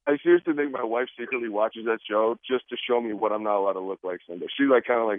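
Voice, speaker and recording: Animated football player on a phone line. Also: male voice, on the low side, quick pace, hardly any pauses, no echo. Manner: animated, joking, acts out quotes. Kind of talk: casual radio interview.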